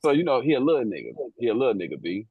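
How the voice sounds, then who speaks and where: Very fast and very animated, a husky mid-range voice comes through phone-quality audio with no echo. The man, an airport police officer co-hosting a talk show, casually tells a work story in slang and profanity, performing the people in it.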